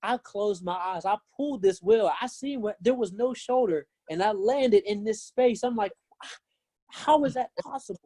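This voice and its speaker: A man, a pastor guest, telling a personal story in earnest, lively casual conversation. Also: high voice, moderate pace, hardly any pauses, no room sound. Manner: earnest, animated when retelling.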